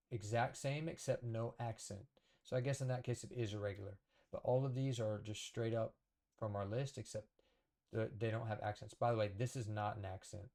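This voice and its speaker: A man with a lowish, mellow voice teaches a relaxed whiteboard lesson. He thinks out loud as he goes, stops to correct himself, and keeps checking in with the viewer. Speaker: language teacher.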